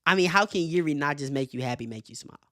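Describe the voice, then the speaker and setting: Animated, profane male sports host. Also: a little high, quick pace, dry recording, studio quality. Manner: animated, profane, laughs often. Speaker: show host. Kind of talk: casual sports commentary.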